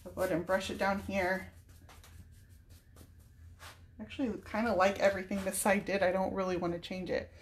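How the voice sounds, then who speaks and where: A woman's voice: mid-range voice, little pitch movement, a little fast, long pauses. A woman in her thirties or forties, a furniture-painting vlogger, thinking aloud in casual chat while she works on a piece, with a faint background hiss. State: tearful at times. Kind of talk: casual live painting demo.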